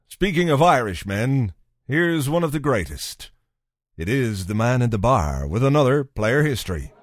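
A man's voice: mid-range voice, very animated, moderate pace, no room sound, clean studio sound. A man hosting a podcast, chatting casually with wry asides. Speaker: podcast host.

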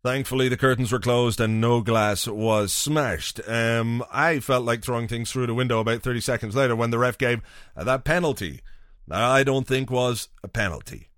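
A man hosts a solo podcast in a loose, rambling monologue. He swears freely and tells his stories with a wry edge. His voice sits at an ordinary pitch, and the recording is dry and close, with no room echo. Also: moderate pace, a bit bright. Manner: rambling, profane, wry storytelling. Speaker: podcast host.

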